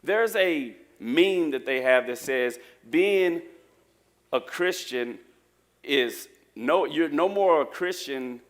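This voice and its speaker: Lively joking preacher man. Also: on the high side, takes it slowly. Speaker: pastor. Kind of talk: sermon. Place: church.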